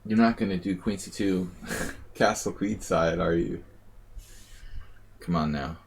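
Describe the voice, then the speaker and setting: A man with a low-ish voice talking through a live game, muttering and thinking aloud as he goes. He teases his opponent in a casual, offhand way. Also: measured pace, a little hiss or hum. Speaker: chess streamer and commentator.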